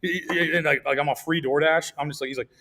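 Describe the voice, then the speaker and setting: A male podcast host rattling through casual chat at a breakneck clip. His voice is bright and forceful, sitting a little high. He rambles, swears freely and trips over repeated words. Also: steady tone, fast.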